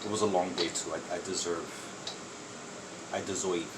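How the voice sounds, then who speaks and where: A man's voice: deep voice, flat delivery, normal speed, very noisy. Chatty man hosting a home cooking vlog. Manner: chatty, enthusiastic, talks while eating. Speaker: cooking channel host.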